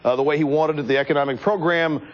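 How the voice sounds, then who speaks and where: A man hosting a TV talk show, delivering an animated, joking political monologue in the studio and talking to his crew. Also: on the high side, fast talker. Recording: dull lo-fi TV broadcast.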